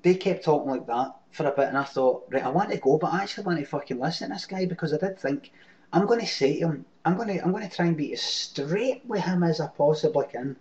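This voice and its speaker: Talking fast and animated, this Glaswegian webcam host spins a rambling, sweary tale for his audience and responds to their comments. His voice is a little high and a little mellow, and the webcam mic gives a lo-fi sound.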